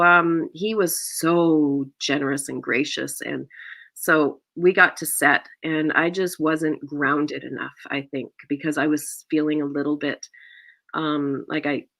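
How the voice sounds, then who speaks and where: Middle-aged woman, slightly low voice, animated storyteller, acts out quotes, fillers and restarts. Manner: acts out quoted lines with big pitch jumps and gasps. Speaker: actor, interview guest.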